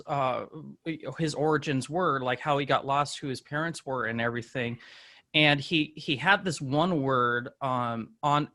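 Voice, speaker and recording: A man's voice: medium pitch, pushed and bright. Rambling male podcast host. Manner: rambling, searching for details as he goes. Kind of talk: casual conversation.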